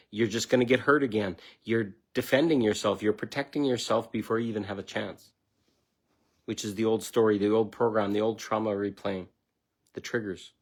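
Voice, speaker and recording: A middle-aged man giving a blunt, emphatic self-help talk, swearing freely as he tells a personal story. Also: fairly low pitch. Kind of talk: motivational self-help monologue.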